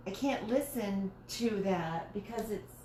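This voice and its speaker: A woman hosting a home live stream talks slowly and loosely, wandering through her thoughts and stopping to restart half-finished sentences. Her voice sits in a roomy, echoey dining room. A faint hiss of background noise runs underneath. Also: mid-range voice, animated, warm tone. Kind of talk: casual live-stream chat while crafting.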